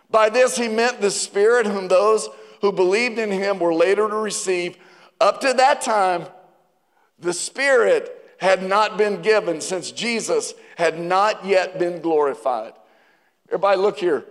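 Male pastor, high voice, lively sermon delivery, church hall reverb. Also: a little slow. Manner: animated preaching, rising to near-shouting on quotes; asks the congregation questions. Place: church sanctuary.

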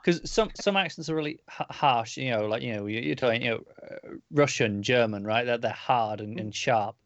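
A man's voice: mid-range voice, moderate pace, no room sound, highs cut off. A man co-hosting a comics podcast, talking in an easygoing way and repeating words as he goes. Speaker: podcast co-host. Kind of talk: casual chat.

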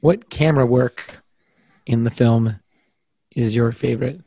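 Man, podcast co-host, middle pitch, halting then quick, dry close mic. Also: warm tone, slightly rough, no room sound. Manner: halting, restarts questions, speeds up when defending himself. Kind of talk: casual chat.

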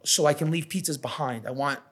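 A little high, brisk and husky, the voice belongs to a New York man in his thirties who owns a catering business. He tells stories on a casual podcast, cursing often and dramatizing quotes with energy.

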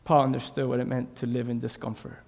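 A man preaching a sermon in a church, swinging between shouted, drawn-out lines and quiet, confiding asides. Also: medium pitch, little pitch movement, gravelly. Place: church sanctuary. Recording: long reverb in a large hall.

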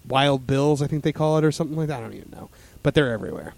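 A man's voice: medium pitch, rapid-fire, gravelly, a little mellow. A man in casual chat as a podcast host, rambling with lots of fillers and restarts.

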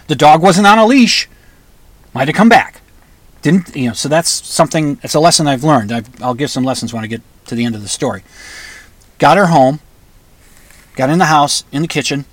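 A man's voice: fairly high pitch, no room sound. A man telling a personal story in a conversational way, with restarts and flashes of raised, angry emphasis. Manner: conversational, restarts, flares into loud angry outbursts.

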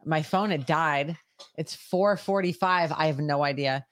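A woman's voice: deep voice, unhurried, dry recording. An American woman co-hosting a podcast, chatty and teasing, chiming in during casual chat. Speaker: podcast co-host.

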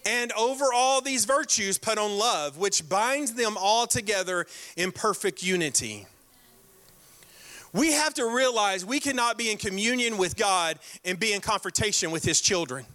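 A male pastor delivering a sermon with a high, bright voice. He hammers his points by repeating them and slows way down to read scripture. Between verses he jabs playfully at his listeners. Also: lively intonation. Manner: emphatic, repeats key lines, slows to stress scripture; direct, playful jabs at the congregation.

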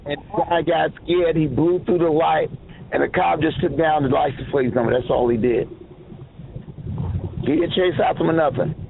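A man's voice: fairly high pitch, steady tone, normal speed, vocal fry. A man hosting a talk radio show, telling a story in an easygoing, plain-spoken way. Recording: phone-like band, faint noise.

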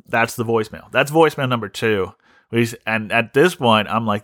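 A man's voice: mid-range voice, lively intonation, a little fast, a bit bright, no room sound, studio quality. A man hosting a podcast who tells a story as an exasperated, wry rant and often repeats himself. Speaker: podcast host.

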